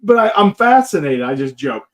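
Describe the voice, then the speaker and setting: A man's voice: fairly high pitch, big pitch swings, normal speed. A man tells ghost stories in a loose, joking way. He rambles, restarts and pads his sentences with fillers, keeping the talk casual. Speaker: guest paranormal investigator. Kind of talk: casual storytelling chat.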